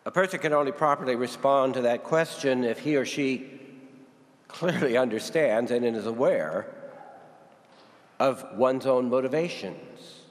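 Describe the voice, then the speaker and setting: A man giving a homily at Mass, speaking slowly and deliberately with long pauses and repeated questions. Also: mid-range voice. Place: parish church. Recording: reverberant church.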